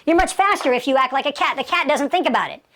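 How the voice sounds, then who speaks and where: A woman's voice: high-pitched, lively intonation, fast, a bit bright. A woman giving a motivational martial arts lecture, emphatic, asking rhetorical questions and repeating key phrases.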